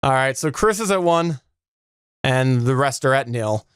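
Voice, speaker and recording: A man running a trivia quiz on a casual tech podcast, playful and quick to laugh. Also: mid-range voice, lively intonation, a bit bright, clean tone, no room sound, studio quality. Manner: playful, laughs often, sings out sound effects.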